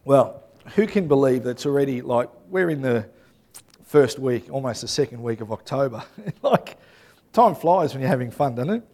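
A man in his thirties or forties, a pastor preaching a sermon with animated, chatty storytelling and frequent tag questions. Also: medium pitch, moderate pace.

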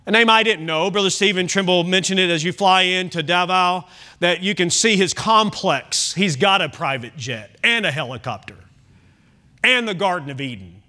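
High, bright-voiced preacher. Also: male voice, lively intonation, normal speed. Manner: emphatic preaching with wide swings in loudness; conversational asides and self-corrections. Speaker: pastor. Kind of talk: sermon.

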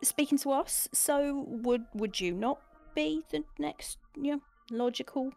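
A woman playing a tabletop game, speaking in a thoughtful, halting way. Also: high-pitched, gravelly, a little mellow. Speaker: player. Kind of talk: casual tabletop play.

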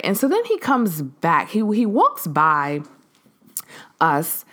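Woman podcast host with a lowish voice, animated casual storytelling, acts out the voices of others. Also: takes it slowly. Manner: animated, acts out quoted voices, frequent fillers.

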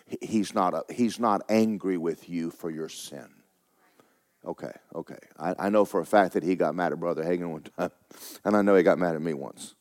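Folksy preacher man. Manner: folksy preaching, rises loud for emphasis, drops low for stories. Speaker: pastor. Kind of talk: sermon.

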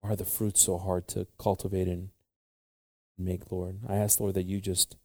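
A man's voice: low voice, flat delivery, normal speed, darkish tone, no echo, clean studio sound. A man preaching and leading prayer as a pastor, switching between English and Spanish and calling on the Lord again and again. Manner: pleading prayer with repeated "Lord" and "Jesus". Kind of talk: bilingual sermon and prayer.

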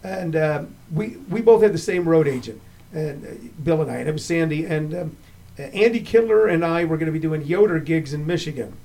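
Slightly high-voiced storytelling man. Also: brisk. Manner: animated storyteller, acts out the people he quotes. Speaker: podcast host. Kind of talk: casual chat.

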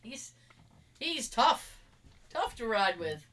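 A woman from Massachusetts with a Massachusetts accent, telling a story in casual chat with lively sound effects. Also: on the high side, takes it slowly.

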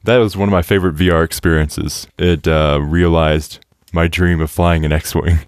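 Deep-voiced excitable young man. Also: normal speed, clear, resonant tone, no room sound. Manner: excitable, laughs often, many fillers. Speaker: podcast host. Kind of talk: casual chat.

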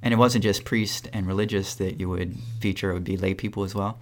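Male talk radio host, fairly low voice, calm brief interview questions. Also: a little fast.

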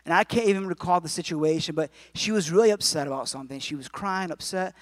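A man's voice: on the high side, fast talker, no room sound. A man in his forties preaching a sermon in a conversational way, with jokes and asides to the congregation. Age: 40s. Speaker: pastor.

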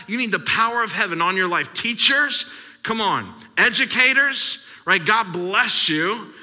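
Pastor, man, 30s, high bright voice, emphatic sermon delivery in a long-reverb hall. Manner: preaching, emphatic, repetitive.

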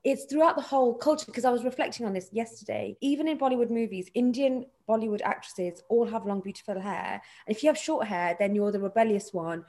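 Animated, laughing young woman. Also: a little high, fast, few pauses. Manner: animated, laughing, mimics relatives' voices. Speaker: podcast co-host. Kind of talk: casual film discussion podcast.

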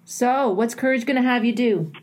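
A woman's voice: a little high, normal speed, darkish tone, slight background noise. A middle-aged woman hosting an advice show, earnestly coaching a caller in a plainspoken, emphatic way.

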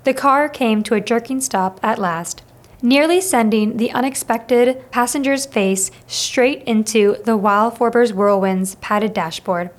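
A woman narrating a children's novel aloud in a steady, expressive reading. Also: on the high side, a little slow. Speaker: audiobook reader. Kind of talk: scripted storybook narration.

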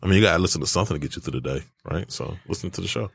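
A man's voice: low-pitched, very fast, creaky, slightly rough, no room sound. A man hosting a podcast who chats casually and tells stories, swearing freely. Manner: animated storytelling, swears freely. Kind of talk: casual chat.

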